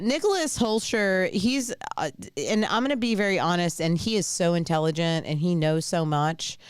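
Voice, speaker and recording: A woman's voice: deep voice, clean tone, no echo, clean studio sound. A woman hosting a live commentary show, talking casually in a rambling, blunt and outspoken way. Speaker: host.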